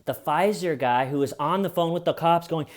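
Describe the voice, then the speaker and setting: A man's voice: on the high side, moderate pace. A man giving casual comedic commentary with a wry, sarcastic delivery.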